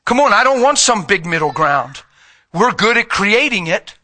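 A middle-aged male preacher with a very bright, ringing voice that sits a little high. He preaches with fervor, calling out to the congregation, then dropping to a hushed tone. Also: very animated, normal speed. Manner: emphatic, call-and-response, swings from loud to hushed. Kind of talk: sermon.

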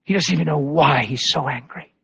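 A male preacher delivering a sermon, telling stories in a lively way and acting out the people he quotes. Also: on the high side, a little fast, creaky, slightly rough. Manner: animated storytelling with voiced quotes. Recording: dull lo-fi recording.

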